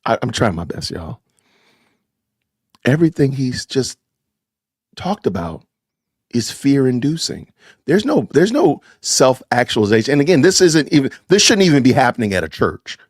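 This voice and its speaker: Reacting to clips on his podcast livestream, a man talks at normal speed in a mid-range voice, forceful and lively, restating things for emphasis. The sound is clean and studio-like, without any echo.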